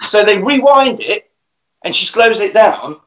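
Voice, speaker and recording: A man casually retelling a story's plot as a podcast host. He is animated and laughs easily. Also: sits high, measured pace, low-quality recording.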